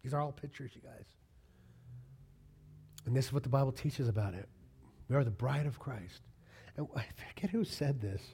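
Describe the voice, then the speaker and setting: A man's voice: medium pitch, lively intonation, moderate pace, creaky, pauses often, warm tone, slight background noise. A man preaching a conversational sermon to his congregation, acting out little quoted exchanges as he goes. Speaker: pastor.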